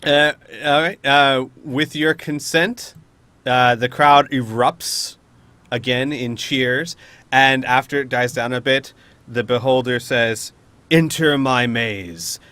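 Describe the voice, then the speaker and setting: A man's voice: mid-range voice, steady tone, takes it slowly, pushed and bright, no room sound. A man narrating a tabletop role-playing session as game master, casual and full of fillers.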